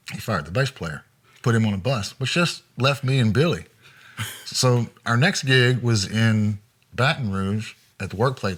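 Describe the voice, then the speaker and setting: A man, a former road manager, telling road anecdotes in a relaxed interview with frequent chuckles. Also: mid-range voice. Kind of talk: storytelling interview.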